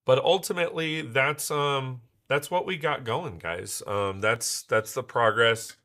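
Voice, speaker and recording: A man hosting a casual livestream while he builds, rambling with many fillers and restarts, his voice hoarse as he recovers from losing it. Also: mid-range voice, measured pace, pushed and bright. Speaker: livestream host building Lego.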